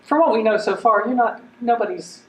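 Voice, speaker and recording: A woman in a counselor's role speaks in a calm, reflective way, often restarting her questions gently. Her voice carries a roomy echo over a faint hiss. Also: on the high side, fairly quick, distant mic. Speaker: counselor in a training role-play. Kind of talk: clinical interview role-play.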